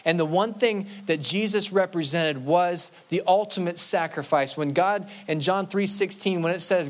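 A male pastor preaching a sermon in an earnest way, often repeating and restarting words and slowing down to stress quoted scripture. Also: high-pitched.

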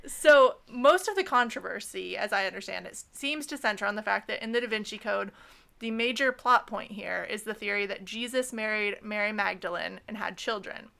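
A woman's voice: mid-range voice, brisk, vocal fry, fairly bright tone. A woman co-hosting a casual podcast who leads the discussion and laughs often. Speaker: podcast co-host.

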